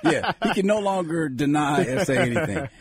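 A man's voice: a little high, expressive, normal speed, creaky, husky. An American man in his forties, co-hosting a casual podcast, who tells jokey stories and slips into mock voices. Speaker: co-host.

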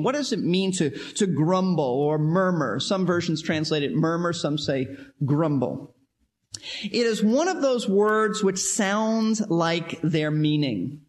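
High-voiced, animated male preacher. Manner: animated, acts out quoted voices and sounds; repeats words as he restarts. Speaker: Bible teacher. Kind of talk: expository sermon.

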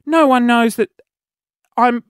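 A man hosting a podcast, telling self-mocking stories in an animated way. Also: takes it slowly, smooth, dry recording. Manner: animated, self-mocking, jumps into shrill yelps when acting out panic. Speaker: podcast host. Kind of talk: casual storytelling monologue.

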